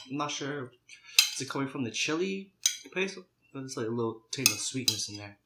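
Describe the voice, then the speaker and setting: A man casually chatting while eating spicy noodles, clearing his throat and sniffling, then recapping an anime in a loose, rambling way. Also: medium pitch, big pitch swings, a little fast, reverberant, very noisy. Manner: chatty, loose, with frequent restarts and "you know". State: runny nose from spicy food, clearing throat. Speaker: mukbang vlogger.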